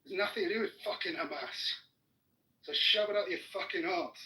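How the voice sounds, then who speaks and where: A high, bright-voiced man argues in a furious rage, swearing in nearly every sentence and cutting the other person off. The sound is roomy and echoey. He is picked up from some distance from the mic. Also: brisk. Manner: furious, swearing constantly, shouting down his opponent. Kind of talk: heated argument.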